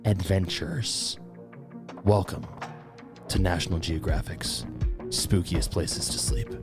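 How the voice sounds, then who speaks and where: A low-voiced man with a gravelly edge, co-hosting a podcast. He chats casually and jokes around, now and then putting on a mock announcer tone. Faint music sits underneath. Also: slow. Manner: jokey, slips into mock newscaster bits. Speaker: podcast co-host. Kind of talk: casual comedic podcast chat.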